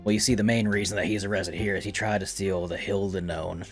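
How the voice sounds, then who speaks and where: A wary guard who speaks in short, blunt, matter-of-fact bursts, voiced by a man running the game. The voice sits fairly low, with faint music behind it. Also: steady tone, a little fast, husky.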